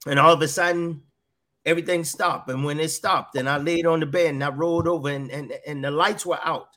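Earnest man telling a testimony, higher voice. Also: steady tone, brisk, fairly bright tone. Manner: earnest, repeats words and phrases. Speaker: guest sharing a faith testimony. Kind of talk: personal testimony storytelling.

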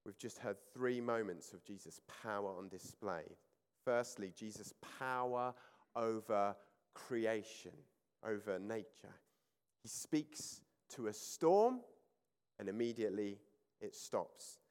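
A man preaching a sermon, reading scripture aloud with rising emphasis and then explaining it in calm, conversational reflection. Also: lowish voice, slow pace, clear, resonant tone. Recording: church hall with long reverb.

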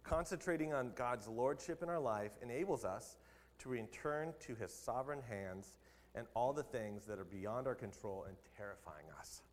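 A man's voice: medium pitch, lively intonation, moderate pace. Male pastor, mid voice, chatty sermon delivery, echoing sanctuary sound. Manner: conversational, laughs at his own jokes.

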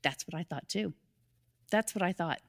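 A woman's voice: fairly low pitch, normal speed, gravelly. A woman hosting a casual live stream on leadership, upbeat and enthusiastic and often laughing.

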